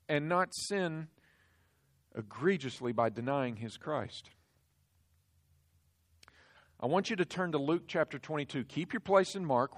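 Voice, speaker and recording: A man preaching a sermon, walking the congregation through scripture and swinging from hushed to loud for emphasis. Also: fairly high pitch. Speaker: pastor.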